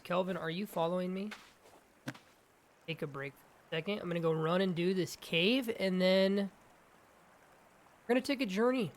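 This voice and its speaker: Young male gaming host, excitable let's-play chatter, slightly higher voice, faint background ambience. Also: slight background noise. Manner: excitable, talks to his game companion. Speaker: gaming YouTuber.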